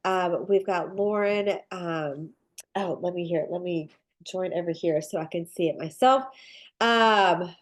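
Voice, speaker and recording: A woman's voice: fairly low pitch, a little slow. Woman, nasal stuffed-up voice, chatty upbeat webinar host, rambling, computer mic. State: nasal from a sinus infection. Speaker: cookie decorating teacher hosting a live workshop. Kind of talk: casual live webinar talk.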